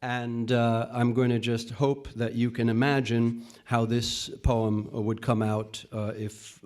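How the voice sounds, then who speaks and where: Northeastern US male poet at an open mic, halting intro, medium pitch. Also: level tone, darkish tone. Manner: halting, many filler pauses. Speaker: poetry reader at an open mic. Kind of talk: casual spoken intro and poetry reading. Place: event space at a college.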